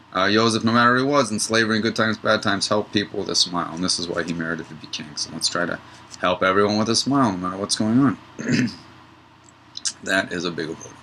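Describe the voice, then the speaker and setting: A man teaches a Torah study lesson in a relaxed, digressive way. His voice sits slightly low but has a bright, forceful edge. A faint hiss of background noise runs under his talk. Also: brisk, poor audio. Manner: relaxed, digressive, tells a joke mid-lesson.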